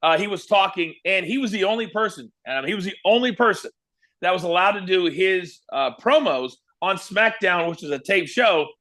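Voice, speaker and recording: A man's voice: sits high, normal speed. A man from Kansas, a former wrestling broadcaster, telling stories as a guest and acting out the quotes. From Kansas, USA. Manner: animated storyteller who acts out quotes. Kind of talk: casual interview storytelling.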